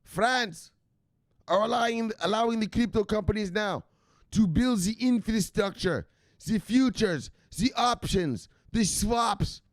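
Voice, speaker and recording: A man voicing an excitable crypto-obsessed man who yells at his mother and keeps repeating himself. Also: sits high, a little slow, no echo, studio quality, pitched above the performer's own voice. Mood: hyped shouting. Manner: shouting, hyped, repeating "look, look".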